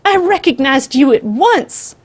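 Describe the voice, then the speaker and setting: A woman voicing a frantic elderly grandmother who shrieks and pleads in a high, desperate voice. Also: expressive, a little slow. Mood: pleading.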